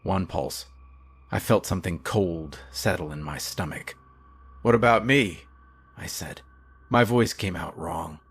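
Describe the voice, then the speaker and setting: A man reading a horror story in a measured, hushed, low-key way. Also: breathy edge. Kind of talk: scripted horror narration.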